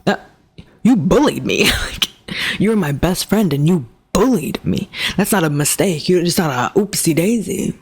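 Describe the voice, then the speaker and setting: A woman's voice: fairly low pitch, expressive, moderate pace, breathy edge. A woman voicing an indignant young woman who snaps back at an old bully. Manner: sharp, indignant. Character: young woman, bitter and defiant.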